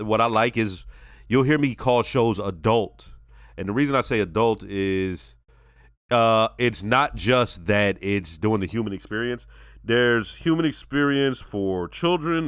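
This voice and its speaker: A man breaks down a TV episode for his channel in a loose, animated way, swearing freely and checking in with his viewers. His voice sits in an ordinary middle register. The sound is dry and close, with no room around it. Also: mid-range voice, no echo. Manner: animated, profane, talks straight to viewers. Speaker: TV reaction channel host. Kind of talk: casual TV episode review.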